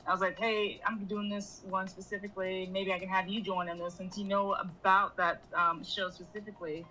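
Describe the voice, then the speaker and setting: A woman's voice: mid-range voice, flat delivery, brisk, sharp tone, rough recording. A woman co-host chatting casually on a podcast, rambling through her memories with lots of fillers.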